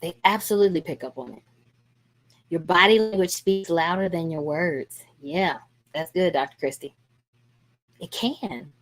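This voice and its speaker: A woman's voice: fairly low pitch, a little slow, pauses often. A middle-aged woman counselor leading a parenting workshop over a video call, talking casually and acting out what parents say. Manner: lively and conversational, acting out parents' lines.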